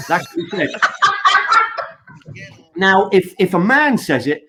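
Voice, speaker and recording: A man's voice: on the high side, sing-song, unhurried, long pauses, fairly bright tone, a little hiss or hum, poor audio. A man co-hosting a wrestling podcast, chatting casually and mocking quotes in put-on voices. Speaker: podcast co-host.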